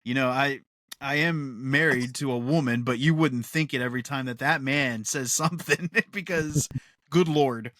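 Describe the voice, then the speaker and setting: Podcast co-host, male, middle-pitched, rambling and excitable, tight dry recording. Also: moderate pace, no room sound. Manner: rambling and enthusiastic, often laughing. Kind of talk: casual podcast chat.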